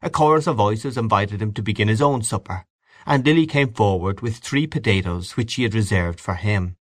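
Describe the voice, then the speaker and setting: A man narrating a classic story in a measured, expressive audiobook reading. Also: on the low side, dry recording, clean studio sound.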